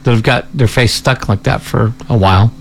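A man's voice: mid-range voice, normal speed, creaky, slight background noise. A chatty man hosting a morning radio show, talking in loose, casual banter and tripping over tricky words as he reads out the day's notes. His voice sits in an ordinary middle range.

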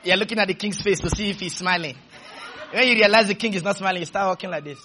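A man preaching a sermon, shouting dramatic lines and leading the congregation in call-and-response. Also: sits high, quick pace, some chatter behind, slight background noise.

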